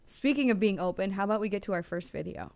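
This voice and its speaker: A young woman co-hosts a casual show, gushing and bubbly, with many ums. Her voice sits at a middling pitch. The sound is dry and close. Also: expressive, quick pace, creaky, a little mellow, no room sound. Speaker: show host. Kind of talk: casual chat.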